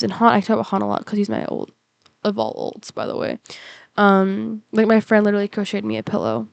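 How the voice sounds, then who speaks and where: A young woman records a K-pop reaction vlog on a computer mic, chatting and rambling with many fillers and restarts, at times close to tears. Her voice is medium-pitched, creaky, and slightly mellow, with no room sound.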